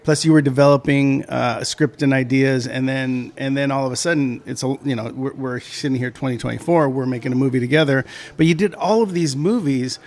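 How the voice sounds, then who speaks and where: A man's voice: mid-range voice, a little fast, darkish tone. A man hosting a podcast on a film set, asking admiring, enthusiastic questions. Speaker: podcast host. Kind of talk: casual interview chat.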